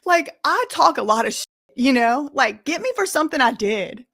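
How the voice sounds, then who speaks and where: Chatty woman with a slightly high voice. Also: normal speed, hardly any pauses. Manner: animated, emphatic, talks straight to viewers; uses y'all and casual slang. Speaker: commentary channel host. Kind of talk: casual commentary to camera.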